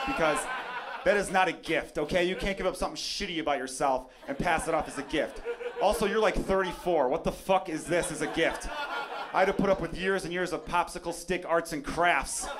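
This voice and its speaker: A man from Chicago performs stand-up on a club stage, his voice sitting a little high as he talks brash and profane. He keeps turning to the audience. Their laughter rolls through the live club recording. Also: a little fast. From Chicago area. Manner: brash, profane, crowd-addressing. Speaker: stand-up comedian. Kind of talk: stand-up comedy set.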